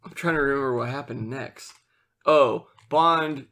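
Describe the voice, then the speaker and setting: A man's voice: medium pitch, a little slow, pushed and bright. A man co-hosting a casual film-review podcast, chatty and easily exasperated by his friend's puns. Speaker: podcast co-host.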